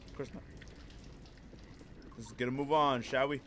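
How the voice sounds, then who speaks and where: A man's voice: mid-range voice, steady tone, measured pace, fairly bright tone, slight background noise. A man commenting on a horror game as he plays, jittery and profane, swinging from muttering to yelping in fright. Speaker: gameplay commentator. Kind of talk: let's play commentary.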